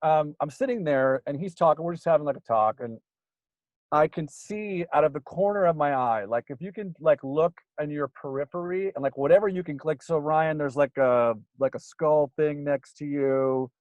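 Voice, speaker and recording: Guy rambling thru a spooky story, kinda high voice, dry close sound. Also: normal speed, no echo, rough recording. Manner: rambling, filler-heavy, gets animated when excited. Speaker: guest storyteller. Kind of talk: casual storytelling.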